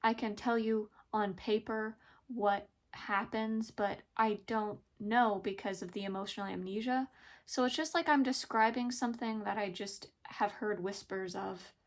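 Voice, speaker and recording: A young woman talking hesitantly in a personal confessional vlog, pausing often and searching for words. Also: mid-range voice, fairly even intonation. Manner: hesitant, halting, many pauses and fillers; emotional, soft-spoken. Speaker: vlogger.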